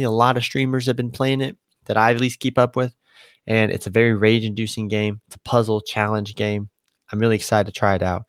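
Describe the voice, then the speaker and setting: A young man with a voice on the low side hosts his own podcast alone, talking in an easygoing, rambling manner and often correcting himself mid-sentence. It's studio-quality audio with no room sound.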